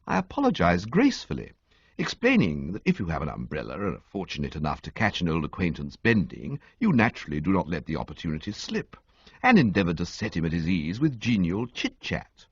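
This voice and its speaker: A man narrating a comic audiobook with an expressive, sweeping storytelling delivery, on a dull, dry recording. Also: sits low, a little fast, husky, no room sound.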